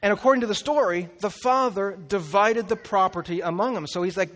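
Man, preacher, sermon, lively storytelling, fairly high voice, long hall reverb. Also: brisk, hardly any pauses. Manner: animated storytelling, acting out the characters' lines. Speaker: pastor.

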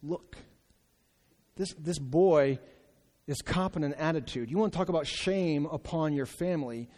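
A male preacher delivers an animated sermon, exclaiming and acting out the voices of his story. His voice sits on the higher side for a man. Long reverb hangs over every line in a large church hall. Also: normal speed.

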